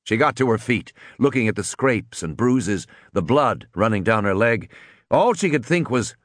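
A man narrating an audiobook in a dramatic, expressive way. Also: lowish voice, moderate pace, dry recording, studio quality.

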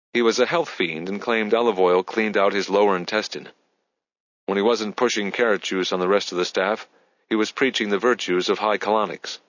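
Low-voiced male audiobook narrator. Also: no room sound, lo-fi sound. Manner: measured, even storytelling. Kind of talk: scripted narration.

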